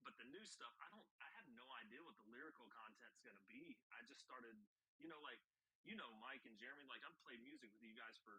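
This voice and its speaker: A man's voice: medium pitch, expressive, fast, pushed and bright, husky, poor audio. A man in his forties with a Southern accent, a guest musician talking casually and rambling with many fillers over a video call. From Southern United States. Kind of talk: casual interview talk.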